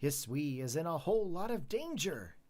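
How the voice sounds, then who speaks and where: Earnest young woman with dire news read by a streamer, slow and pleading, lively pitch. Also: natural voice. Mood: urgent.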